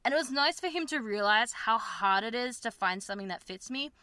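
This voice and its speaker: A woman's voice: fairly high pitch, expressive, fairly quick, pushed and bright, no echo. A young woman, hosting a podcast and talking frankly and rambling about her personal life, with lots of fillers and self-conscious laughs. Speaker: podcast host. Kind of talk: candid personal chat.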